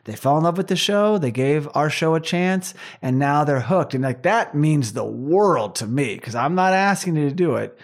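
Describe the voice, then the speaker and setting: A man's voice: on the high side, animated, normal speed, hardly any pauses. A middle-aged man co-hosting a podcast in casual chat, talking at length in an earnest, rambling way. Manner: earnest, rambling, warm appreciation of fans. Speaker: podcast co-host.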